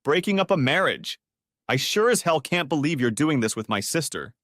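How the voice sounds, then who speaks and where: A man's voice: fairly high pitch, big pitch swings, moderate pace, fairly bright tone, no echo, studio quality, voice pushed up. A man voicing a betrayed businessman husband who talks in angry, clipped, cursing bursts.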